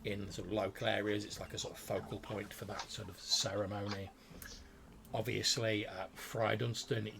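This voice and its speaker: Gravelly man narrating a tabletop game. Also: fairly low pitch, noisy background. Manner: rambling, filler-heavy narration. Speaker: game master.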